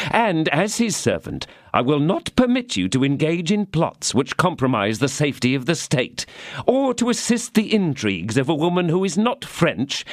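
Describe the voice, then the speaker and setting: A man's voice: mid-range voice, no echo, voice pushed up. A pompous, greedy middle-aged shopkeeper, as a man reads him, smug but cowardly. His voice rises a little and swings widely as he parrots grand phrases. Dry, close audiobook sound.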